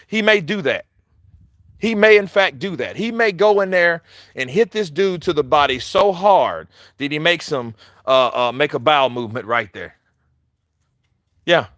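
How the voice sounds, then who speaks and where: Casual male boxing commentator, loud and profane, with a bright tone and a dry sound. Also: on the high side, moderate pace, no echo. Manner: animated, profane, laughs often, restarts mid-sentence; addresses viewers directly. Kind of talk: casual chat.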